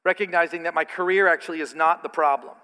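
Middle-aged male pastor, high bright voice, preaching in a long-echo church hall. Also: fast talker, clean tone. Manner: animated, with mocking put-on asides. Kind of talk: sermon. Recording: reverberant hall.

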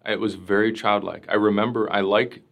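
A priest being interviewed, telling a personal story in an earnest, reflective way, full of casual fillers. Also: male voice, lowish voice, fairly even intonation, a little fast, vocal fry, fairly bright tone.

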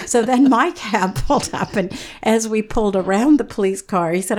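A woman's voice: fairly high pitch, moderate pace, darkish tone. A woman guest on a radio talk show, telling funny stories in a chatty way and laughing often. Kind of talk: storytelling radio interview.

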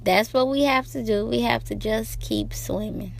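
A woman's voice: fairly high pitch, normal speed, gravelly. A middle-aged woman vlogging outdoors by the ocean, giving herself an emphatic, repetitive, preachy pep talk. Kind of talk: motivational self-talk.

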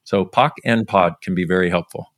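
A man speaking as a podcast guest in casual interview talk, animated, pushing his pitch up sharply for emphasis. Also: a little fast, no room sound, clean studio sound.

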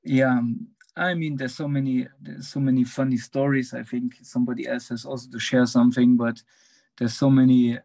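Halting man with a gravelly voice. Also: medium pitch, little pitch movement, mellow. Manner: halting, searching for words, laughs between phrases. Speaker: devotee sharing a memory. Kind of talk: casual online satsang sharing. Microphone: video call.

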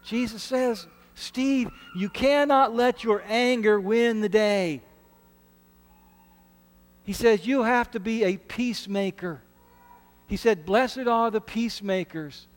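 A man delivers a sermon in an earnest, conversational way, stumbling and restarting phrases as he goes. His voice sits notably high for a man. The sound carries a long reverb from the church sanctuary around him. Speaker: pastor.

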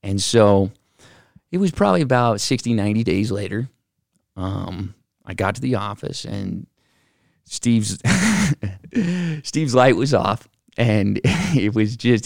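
Gravelly middle-aged man telling a story. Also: fairly low pitch, dry recording, clean studio sound. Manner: animated, acts out quoted voices, many fillers. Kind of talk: casual storytelling. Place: office.

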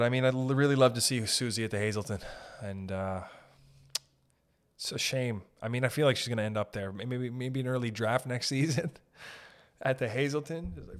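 A young man hosting a podcast, rambling through a profane, animated comedic monologue. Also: medium pitch, clear, resonant tone. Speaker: podcast host.

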